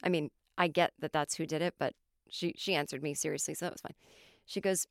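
An American woman hosting a podcast, telling comic stories in an animated way, swearing freely and acting out the people she quotes. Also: low voice, a little fast, vocal fry, no echo, studio quality. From United States. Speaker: podcast host, comedian. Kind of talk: comic storytelling monologue.

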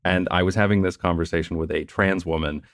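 Low-voiced man explaining in casual chat. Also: steady tone, quick pace, dry recording, clean studio sound. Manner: explanatory, chatty, laughs often. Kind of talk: casual conversation.

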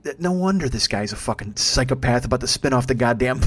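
A man telling a casual anecdote in an animated, profane way. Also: mid-range voice, slightly rough. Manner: profane, animated, quick-talking. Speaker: storyteller.

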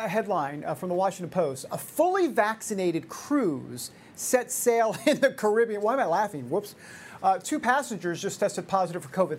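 Woman in her fifties, talk show host, lively pitch, sarcastic asides, opinion commentary. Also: a little hiss or hum. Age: 50s.

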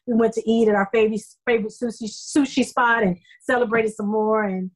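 A middle-aged woman, a soap opera actress, telling stories in a casual interview, effusive and animated with many fillers. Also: on the high side, brisk, rough recording.

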